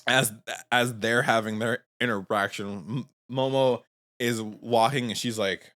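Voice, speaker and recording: A man's voice: medium pitch, a little slow. A man co-hosting a podcast, casually recapping an anime episode and acting out the characters' lines. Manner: animated, acts out characters' lines while retelling. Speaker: podcast co-host.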